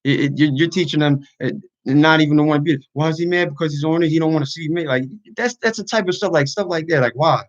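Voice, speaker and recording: A man speaks earnestly to his online viewers in a casual livestream, airing his frustration. His voice sits a bit higher than most men's. The stream audio is dull and lo-fi. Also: quick pace. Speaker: YouTuber and podcaster.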